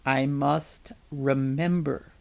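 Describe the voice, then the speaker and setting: A woman's voice: rumbling low, fairly even intonation, drawn-out words, vocal fry, a little mellow, voice pushed down, exaggerated voice. A woman voicing a disembodied talking head with a metallic, insistent way of giving urgent commands, in a read-aloud story. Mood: calm.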